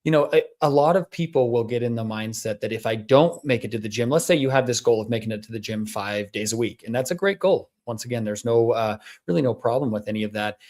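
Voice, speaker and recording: Male clinician co-host, relaxed chat, talks through patient examples. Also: mid-range voice, fast talker, hardly any pauses. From Southern Utah. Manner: explains through patient stories, many restarts. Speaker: wellness podcast co-host, clinician. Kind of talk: casual conversational podcast talk.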